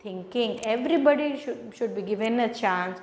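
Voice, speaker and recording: A woman teaches a lesson and asks over and over whether the class understands. Her voice sits a little high, and the room gives it a clear echo. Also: moderate pace, darkish tone. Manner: repetitive, asks rhetorical check-in questions. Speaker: commerce teacher. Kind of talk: classroom lecture.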